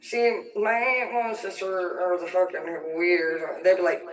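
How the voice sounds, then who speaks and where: A woman's voice: lowish voice, fairly even intonation, measured pace, a little hiss or hum. Heated, foul-mouthed woman ranting from afar. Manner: heated, vulgar, rambling. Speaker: livestreamer. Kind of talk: profane angry rant on a livestream. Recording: echoey room, distant from the mic.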